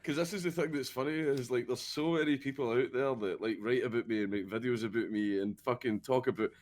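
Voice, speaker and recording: A man's voice: medium pitch, fairly even intonation, brisk, a little mellow. A man with a Scottish accent telling stories in a casual podcast chat, swearing a lot and laughing often. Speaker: podcast guest.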